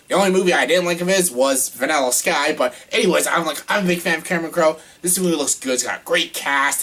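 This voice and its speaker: A man giving a casual vlog movie review. He is animated and exasperated and swears freely. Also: a little high.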